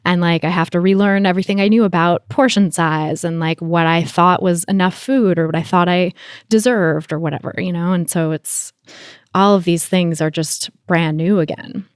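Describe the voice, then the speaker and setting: Female podcast host, low smooth voice, affirming conversational interviewer, dry studio. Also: fairly even intonation, normal speed, dry recording.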